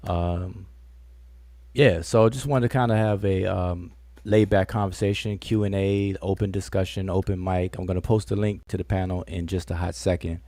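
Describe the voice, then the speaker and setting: A man's voice: low voice, fairly even intonation, normal speed, warm tone, no room sound. A man hosting a casual live stream, talking in a rambling, conversational way. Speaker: livestream host.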